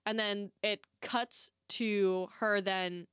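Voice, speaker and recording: A woman talks through a movie in a casual chat with a friend, slipping into the characters' lines as she retells scenes. Her voice has a middle pitch for a woman and sounds dry and close to the mic, with little room sound. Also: slow pace, clean tone, no echo. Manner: animated, acts out movie quotes. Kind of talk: casual film discussion.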